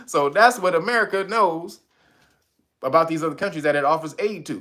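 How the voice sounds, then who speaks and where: Forceful and bright, with a fairly high pitch, a commentary vlogger rants at a moderate pace. His casual talk is slangy and profane, punctuated by frequent laughter.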